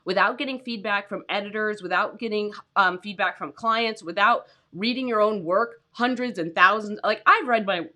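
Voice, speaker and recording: A woman in her thirties hosts a casual livestream from home, coaching writers on feedback. She talks loosely, full of "like" and "right?", and pauses to greet viewers by name. Her voice is bright and sits at an ordinary pitch for a woman. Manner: chatty, many fillers, greets viewers by name. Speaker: freelance writing coach hosting a livestream. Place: home, with her dogs nearby.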